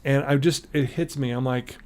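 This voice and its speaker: A man's voice: mid-range voice, moderate pace. A middle-aged man, a podcast guest, telling a personal story in a casual interview and acting out the voices of the people in it. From Utah, USA. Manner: animated storyteller, acts out quoted voices.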